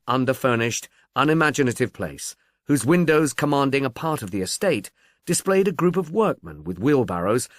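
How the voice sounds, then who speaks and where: An audiobook narrator reads a novel aloud from a script, using a wry, measured storytelling delivery. His voice is mid-range, and the studio-quality recording has no echo.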